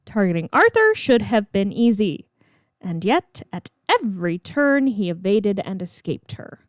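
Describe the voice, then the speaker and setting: A woman's voice: medium pitch, sing-song, measured pace, no room sound. Woman reading her story aloud, dry sound. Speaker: narrator reading her own fan fiction. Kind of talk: storybook read-aloud narration.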